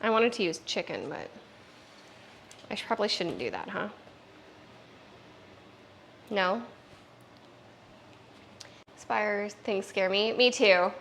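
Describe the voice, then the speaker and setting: A woman's voice: mid-range voice, lively intonation, takes it slowly, creaky, pauses often, fairly bright tone, slight background noise, rough recording. A woman streamer chatting casually, swearing now and then and talking to her puppy. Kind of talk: casual live-stream chat.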